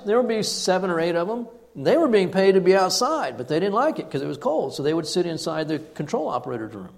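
Guy preaching a sermon, kinda high voice, swoops all over when telling his story. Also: vocal fry. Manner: animated storyteller, drops to a hush for emphasis. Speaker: pastor.

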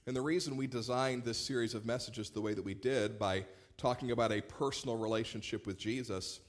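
A man, a pastor, preaching a sermon in a relaxed, storytelling way with light humor. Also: medium pitch, fairly quick. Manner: conversational storytelling with warm humor.

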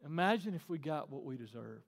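Preacher, man, high voice, chatty sermon, echoing church hall. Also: brisk. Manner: animated, conversational, repeating phrases for emphasis. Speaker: pastor. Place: church auditorium stage. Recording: long reverb in a large hall.

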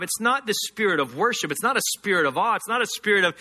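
A man's voice: high-pitched, expressive, quick pace, few pauses, sharp tone. A man preaching a sermon as a pastor, emphatic, repeating phrases and acting out short quoted voices.

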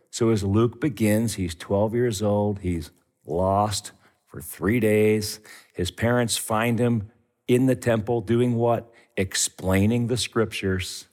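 A man's voice: fairly low pitch, a little mellow. A middle-aged man preaching a sermon as pastor, telling the story with animation and acting out the voices in it.

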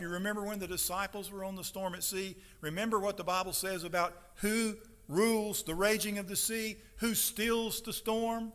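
A fairly high, bright and forceful male voice preaching from the pulpit. He moves from easy storytelling to loud, emphatic scripture reading. The sound carries a long church reverb. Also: moderate pace, smooth. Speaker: pastor. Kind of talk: sermon. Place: church sanctuary.

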